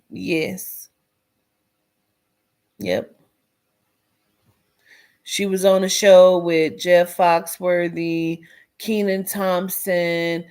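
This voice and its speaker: A woman's voice: lowish voice, a little mellow. A woman giving a blunt, profane commentary rant, dropping into whispers for emphasis. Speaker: commentary vlogger.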